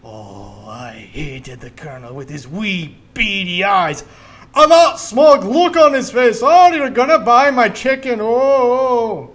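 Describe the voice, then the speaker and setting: A man's voice: very high voice, expressive, slow, pitched above the performer's own voice, exaggerated voice. A man voicing a blustery older Scottish father who rants about secret conspiracies, in a put-on Scottish accent. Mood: ranting. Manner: loud, ranting, conspiratorial.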